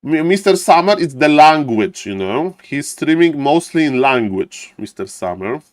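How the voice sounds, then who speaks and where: A man who is not a native English speaker, casting a game live on stream in a showy way, chatting with viewers and greeting them warmly. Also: on the high side, sing-song, moderate pace, dry recording, studio quality. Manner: showman-like, keeps repeating "ladies and gentlemen". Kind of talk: live esports commentary.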